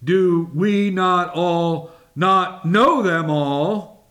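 Male preacher, high voice, emphatic and deliberate sermon delivery. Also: fairly bright tone.

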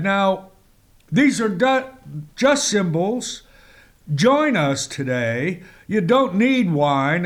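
Male preacher, slow and emphatic, fairly high voice, reads scripture between remarks. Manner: slow, emphatic delivery with sudden rises in pitch; reads scripture in old-fashioned wording. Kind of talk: sermon with scripture reading.

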